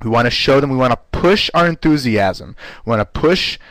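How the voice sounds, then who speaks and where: Energetic man coaching a webinar class. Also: medium pitch, brisk, no echo, poor audio. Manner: energetic, coaching, repeats words as he goes. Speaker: webinar instructor. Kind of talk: live online class.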